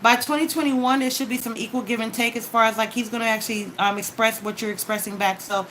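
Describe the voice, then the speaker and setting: A woman's voice: a little high, steady tone, fast talker, a bit bright, slight background noise, low-quality recording. Chatty woman giving a tarot reading. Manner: chatty and advising, frequent "okay?" check-ins. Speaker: tarot card reader. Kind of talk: casual tarot reading monologue.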